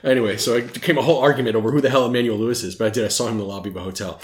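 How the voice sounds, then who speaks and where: A man's voice: mid-range voice, steady tone, rapid-fire, echoey room. A man hosting a podcast in casual chat, rambling and jokey, who swears and laughs often. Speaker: podcast host.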